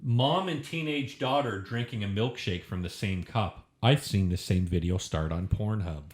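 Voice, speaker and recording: A man's voice: on the low side, moderate pace. A man co-hosting a casual film review podcast, rambling and swearing freely. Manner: profane, rambling, lively. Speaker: podcast co-host. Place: shared room. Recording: echoey room.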